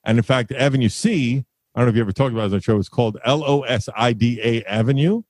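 A man's voice: medium pitch, quick pace, a little mellow, no echo. A man as a podcast guest, telling stories in a laid-back, rambling way with fillers. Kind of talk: casual chat, storytelling.

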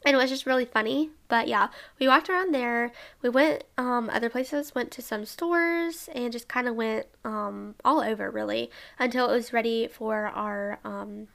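A woman's voice: fairly high pitch, moderate pace, gravelly, few pauses, fairly bright tone. A young woman from Alabama chatting casually about a trip with her sisters, bubbly and full of "like" and little laughs. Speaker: travel vlogger. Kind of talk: casual travel recap.

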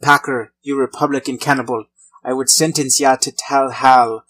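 A man's voice: medium pitch, steady tone, moderate pace, a bit bright, natural voice. A man voicing a stern old frontier judge in a put-on Irish-pirate brogue, bellowing and drawn out. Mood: blustering.

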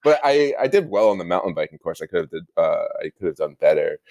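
A young man with a low, deep voice talks about racing in a loose, rambling way. He corrects himself mid-sentence and often laughs between phrases. The sound is dry and close to the mic. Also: very animated, fast, darkish tone, no echo. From Northern California. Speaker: guest athlete. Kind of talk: casual interview talk.

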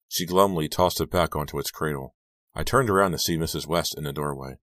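A man reading a young-adult horror novel aloud, in a steady, measured manner. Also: extremely low pitch, no echo, clean studio sound. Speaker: audiobook narrator. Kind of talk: scripted narration.

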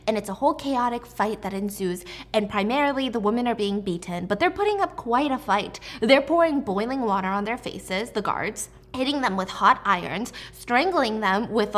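A woman's voice: mid-range voice, a bit bright. Chatty woman recapping a film dramatically. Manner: chatty and dramatic, with casual swearing. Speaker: movie recap vlogger. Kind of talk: casual story recap.

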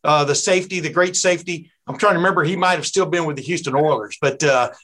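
A man's voice: a little high, quick pace, fairly bright tone. A man from East Texas hosting a casual interview, chatty and digressive, laughing easily. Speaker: host.

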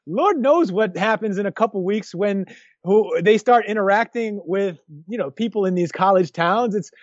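A man co-hosting a podcast, talking in a lively, joking way with many restarts. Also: high-pitched, normal speed, no echo, muffled recording. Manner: animated, jokey, restarts often. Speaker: podcast co-host. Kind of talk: casual chat.

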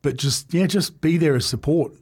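Earnest, halting man, slightly high voice. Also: a little mellow, breathy edge. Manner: earnest, halting, many fillers and restarts. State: emotional at times. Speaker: podcast guest. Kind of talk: candid conversation.

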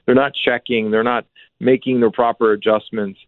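A man's voice: level tone, moderate pace, dry recording. A man, a former football player, giving emphatic sports analysis as a phoned-in guest on a radio show. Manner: emphatic, repeats names with rising pitch. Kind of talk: casual sports radio chat. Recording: tinny phone line, dry.

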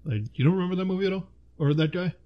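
A man's voice: high voice, rapid-fire, highs cut off. A man in casual chat, rating films with a friend, laughing often and searching aloud for names.

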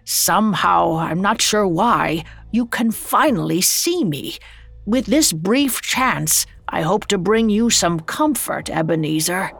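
A woman's voice: medium pitch, lively intonation, slow, creaky, a bit bright, breathy edge, heavily acted. A woman voicing the grim ghost of an old man bound in chains, speaking solemn warnings in an audio drama reading.

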